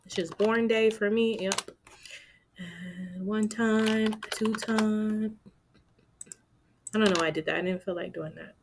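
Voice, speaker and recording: A woman's voice: fairly low pitch, quick pace, gravelly, noisy background. Woman vlogger, casual self-talk, playful asides, keyboard typing behind. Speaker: budgeting vlogger. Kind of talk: casual talk-through of budgeting.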